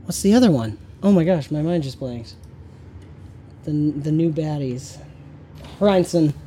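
A man with a fairly high voice narrates a tabletop game as its game master. He improvises aloud, stopping and restarting often with plenty of fillers. The delivery is loose and unpolished. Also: mellow, slight background noise. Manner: halting, many fillers and restarts while improvising. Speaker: game master and show host. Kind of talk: running a tabletop game and reading the outro.

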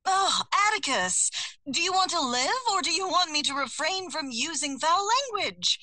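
A woman's voice: high-pitched, sing-song, normal speed, bright, forceful tone, no echo, pitched above the performer's own voice, heavily acted. A woman voicing an exasperated, sarcastic heroine who is wrangling her magical pets, in an audiobook. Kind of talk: audiobook character voice.

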